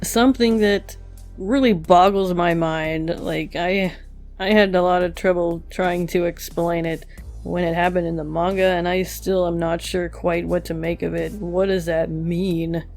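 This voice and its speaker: Musing anime reviewer over soft music. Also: mid-range voice, steady tone, a little slow, gravelly. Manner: thoughtful, musing, with hesitant fillers. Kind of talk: casual episode review while drawing. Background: faint background music.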